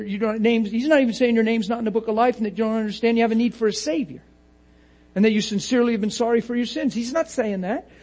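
A man preaching a lively sermon, laughing often and acting out little voices to make his points. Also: high-pitched.

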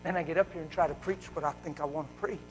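High-voiced fervent male preacher. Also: steady tone, very fast, music in the background, poor audio. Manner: fervent, swings from loud exclaiming to hushed. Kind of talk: live sermon. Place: church service. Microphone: wearing a mic.

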